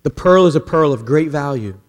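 A man preaching a sermon as a pastor, animated and humorous, acting out little voices to make his point. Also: on the high side, fairly quick. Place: church sanctuary. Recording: long hall reverb.

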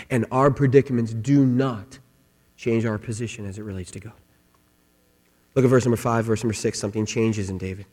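A middle-aged man preaching a sermon, telling a comic story with shouted quotes, then dropping soft and low for the message. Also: brisk. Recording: long hall reverb.

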